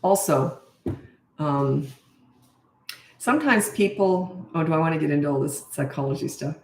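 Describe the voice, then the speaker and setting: A woman's voice: deep voice, moderate pace, a little mellow, slight background noise. Middle-aged woman, parenting coach; blunt, emphatic delivery with self-mocking laughs; roomy, echoey sound. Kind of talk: casual advice monologue. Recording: echoey room.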